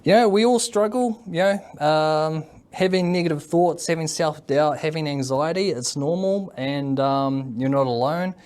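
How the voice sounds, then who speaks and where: A man's voice: on the high side, unhurried, few pauses, darkish tone, clean tone. A man with a New Zealand accent, a mental health worker talking casually in an interview, rambling with lots of fillers and tag questions. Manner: rambling, full of fillers and "eh?" tags.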